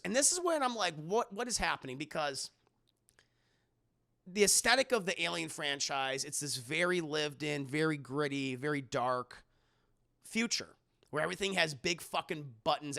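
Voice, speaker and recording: A man's voice: fairly high pitch, gravelly, pushed and bright, clean tone. A young man talking loosely through a film review for his live chat, rambling and swearing, and sometimes mocking lines from the film in put-on voices. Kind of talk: casual spoken film review.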